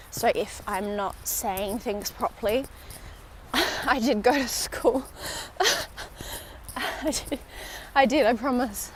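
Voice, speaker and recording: This medium-pitched young woman is filming a walking vlog by a river in the city, handheld phone in hand. She chats and wanders off topic, dropping to a whisper now and then for asides, with slight noise behind her.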